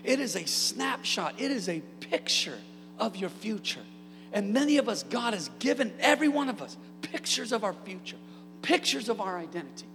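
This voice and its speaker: A man preaching a sermon as pastor, energetic with humorous asides and building to shouted peaks. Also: high-pitched, moderate pace, vocal fry, big-room sound, music in the background. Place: church sanctuary.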